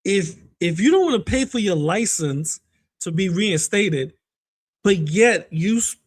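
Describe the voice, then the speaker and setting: A man with a high, light voice runs a commentary on online drama. He talks in a lively, mocking way and keeps breaking into laughter. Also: measured pace. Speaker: commentary host.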